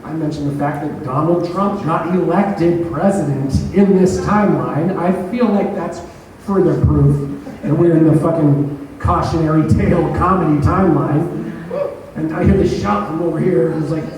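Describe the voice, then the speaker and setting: A man with a fairly high voice tells a rambling, swear-filled story about his own stand-up set, laughing at himself as he goes. He sounds far from the mic, in a very echoey room. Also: moderate pace, slight background noise. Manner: profane, self-mocking, animated retelling. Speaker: stand-up comedian telling a story. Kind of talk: casual storytelling chat.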